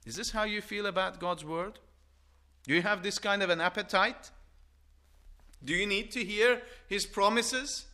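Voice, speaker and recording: Earnest, bright-voiced older male preacher. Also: high-pitched. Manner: earnest, building to forceful exhortation with repeated questions; halting restarts and stammers. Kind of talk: sermon.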